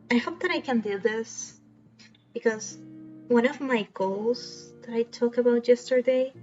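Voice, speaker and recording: A fairly high-pitched, slightly mellow voice belongs to a young woman chatting casually on a live stream. She sounds earnest and emotional, laughing lightly and starting over many times, with slightly dull lo-fi stream audio.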